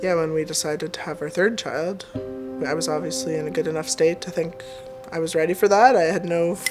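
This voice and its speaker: A man telling his story as a parent in a documentary, measured and reflective. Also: a little high, fairly even intonation, over music. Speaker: parent sharing their story. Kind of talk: documentary testimony.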